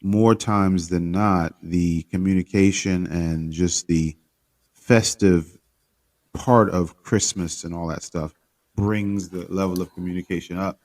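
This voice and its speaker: A man on a panel discussion, speaking in a reflective, measured way. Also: deep voice, fairly even intonation, darkish tone, no echo. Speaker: panel guest.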